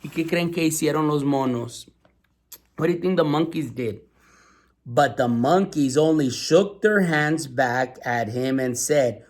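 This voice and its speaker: Male storyteller, slightly high voice, teacherly read-aloud with questions to kids. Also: normal speed. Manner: asks listeners questions, patient and teacherly.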